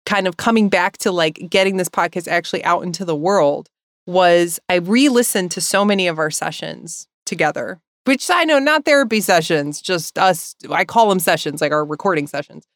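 A woman's voice: on the low side, lively intonation, normal speed, no room sound, clean studio sound. A woman co-hosting a podcast in casual, heartfelt chat, rambling and emotional, laughing often and tearful. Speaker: podcast co-host.

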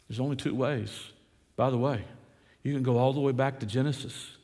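A male pastor preaching an impassioned sermon, telling a story dramatically with big swings in pitch and loudness. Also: steady tone, brisk, big-room sound. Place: church.

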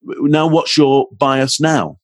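A man with a slightly husky, breathy voice speaks as an expert guest in an interview. He explains his points patiently, now and then acting out a phrase to show a change of tone. The sound is dry and close. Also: fairly high pitch, fairly even intonation, takes it slowly, dry recording. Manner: explanatory, demonstrates intonation with his voice. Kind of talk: podcast interview.

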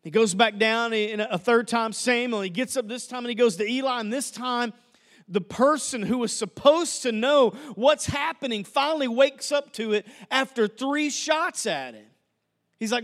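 A man's voice: very high-pitched, normal speed, a bit bright. A male pastor preaching a sermon in a church, telling stories with humor and repeating phrases. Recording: long reverb of a large hall.

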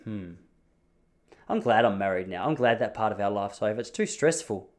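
A man's voice: on the low side, normal speed. A man in his thirties with an Australian accent, telling rambling, self-mocking comic stories in a casual chat. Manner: rambling, self-mocking, often restarts phrases.

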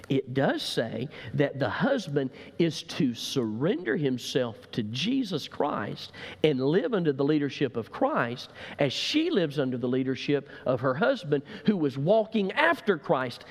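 Emphatic preacher in a reverberant hall. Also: male voice, on the high side, sing-song, a little slow, gravelly. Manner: emphatic preaching with repetition and rising calls. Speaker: pastor. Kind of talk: sermon. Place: church sanctuary.

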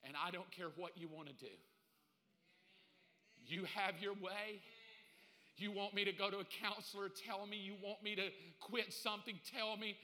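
A man preaching a sermon, swinging from hushed pleading to loud excited preaching, folksy and joking as he acts out little dialogues. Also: sits high, moderate pace, pauses often, big-room sound. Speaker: pastor.

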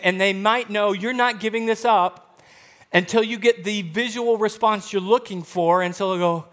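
A male pastor preaching a sermon, expressive and swinging between loud and hushed. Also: sits high, moderate pace.

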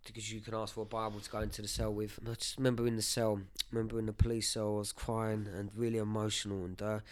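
A man's voice: fairly low pitch, monotone, quick pace. A man, sharing his life story as a podcast guest in an earnest, emotional way, with many fillers and restarts. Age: 30s. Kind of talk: personal testimony, casual chat.

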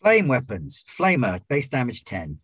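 A man running a tabletop game, describing the scene in a wry, relaxed way. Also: mid-range voice, unhurried, breathy edge, no room sound. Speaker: game master.

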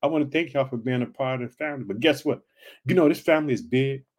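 Here's a fast-talking man, medium in pitch and a bit mellow, who runs a faith podcast out of Illinois in the United States. He calls listeners family while preaching an encouraging message with fervent repetition.

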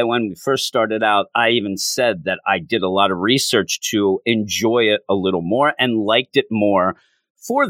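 A man's voice: fairly bright tone, no room sound. Male comic reviewer, casual rant, sarcastic mimicry, dry close sound. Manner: exasperated, pitch jumping high in frustration; mocking mimicry of characters.

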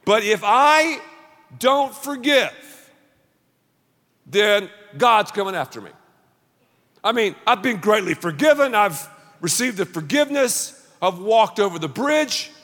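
A man preaching a sermon as pastor, punchy and animated, leading the crowd in call-and-response. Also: high voice, takes it slowly, pauses often. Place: large church auditorium. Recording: long reverb of a large hall.

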